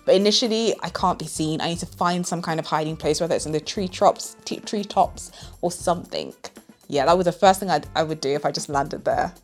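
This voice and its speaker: A woman in a casual podcast chat, thinking aloud in an animated way. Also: low voice, a little fast, faint music behind. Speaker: podcast guest.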